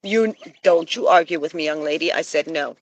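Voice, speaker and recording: A woman's voice: low voice, normal speed, no room sound, muffled recording. A young woman live-streaming outdoors by phone, cooing in baby talk to her pet geese and chatting to viewers. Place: outdoors with geese and other animals.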